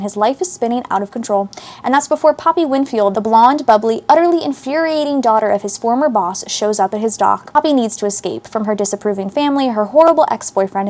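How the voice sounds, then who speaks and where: A woman's voice: on the high side, a little mellow. Chatty woman reading book blurbs. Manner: chatty, reacts to what she reads. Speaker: book channel host. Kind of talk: casual book haul chat, reading synopses aloud.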